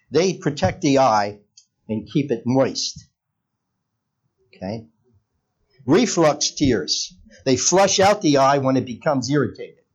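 Male pastor, sermon, lively pitch, slow delivery, questions to the congregation, dull lo-fi church recording. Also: slightly rough. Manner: conversational, asks the congregation questions.

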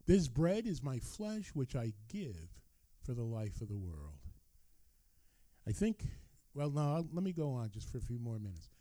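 Animated male preacher, mellow lively voice. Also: a little slow, no echo. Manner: expressive Bible reading with asides, animated rises and drops in pitch. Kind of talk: sermon.

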